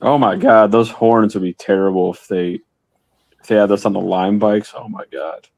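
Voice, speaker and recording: A man in casual podcast chat who tells things with animated, laughing asides. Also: lowish voice, moderate pace.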